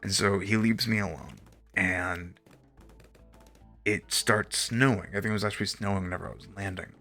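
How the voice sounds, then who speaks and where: A man's voice: deep voice, fairly even intonation, moderate pace, pushed and bright, soft background music. A young man from Texas streaming a game, telling a rambling story with lots of fillers and casual swearing. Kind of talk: casual chat while gaming.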